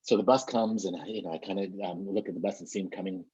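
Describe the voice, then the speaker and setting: A middle-aged man with a low, husky voice tells a motivational story as a trainer. He speaks earnestly and often stumbles over and repeats words. The recording is dry and dull, with a muffled, lo-fi sound. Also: steady tone, quick pace, a little mellow, no echo.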